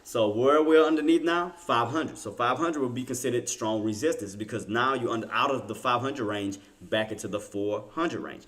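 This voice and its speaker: A man's voice: medium pitch, moderate pace, hardly any pauses, fairly bright tone. A man streaming casual live commentary on stock charts. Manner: laughing, apologetic, casual. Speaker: trading streamer.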